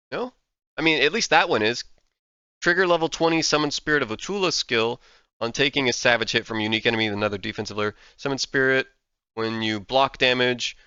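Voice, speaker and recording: Man, gaming commentary, bright smooth voice, dry slightly muffled sound. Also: mid-range voice, dry recording. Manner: enthusiastic, reads game text aloud then reacts. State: sleepy, yawning. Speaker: gaming content creator. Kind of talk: casual game commentary.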